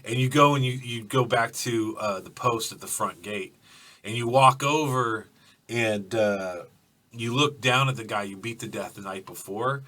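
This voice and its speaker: Bright-voiced man running a tabletop game. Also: mid-range voice, a little slow, distant mic. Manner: loose, profane, filler-heavy storytelling. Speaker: game master.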